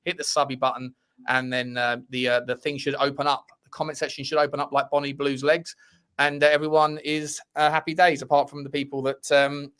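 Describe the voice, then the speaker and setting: A man's voice: medium pitch, little pitch movement, brisk, a bit bright, clear, resonant tone. Chatty man co-hosting. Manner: chatty, jokey, lots of restarts and fillers. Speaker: co-host of a football news show. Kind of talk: casual football chat.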